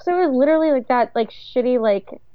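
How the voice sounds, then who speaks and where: A woman's voice: high-pitched, animated, fast, dry recording, muffled recording. A young woman co-hosting a podcast, telling stories in loose, rambling casual chat. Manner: rambling, loose, filler-heavy storytelling. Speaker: podcast co-host.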